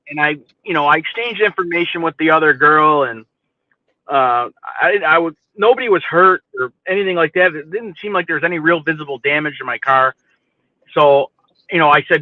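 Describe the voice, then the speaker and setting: Guy with a higher voice telling a story, swears a lot, sounds thin like it's over a phone. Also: normal speed, no echo, narrow, tinny audio. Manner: profane, animated, keeps asking "you know what I mean". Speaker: podcast host telling a story. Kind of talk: casual storytelling chat.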